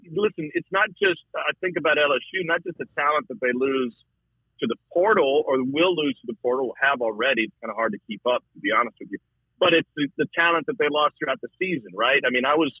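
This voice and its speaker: A man talking about college football as a broadcaster guest, in a casual, animated way, often repeating words. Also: slightly rough, dry recording. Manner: animated, repeats words, shifts pitch a lot. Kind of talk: casual sports talk. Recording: dry, thin phone-line sound.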